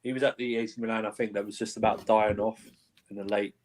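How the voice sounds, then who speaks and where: A man's voice: on the low side, flat delivery, fast, a crowd in the background. A man chatting on a sports panel, rambling and hesitant, often asking if you know what he means. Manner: rambling, hesitant, checks in with listeners. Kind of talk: casual sports chat.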